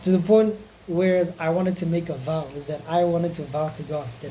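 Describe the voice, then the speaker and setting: Young man in his twenties, warm dark voice, blunt and profane, confessional vlog, faint background hiss. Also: fairly high pitch, steady tone, fairly quick, hardly any pauses. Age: 20s. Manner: frank, profane and emotionally raw.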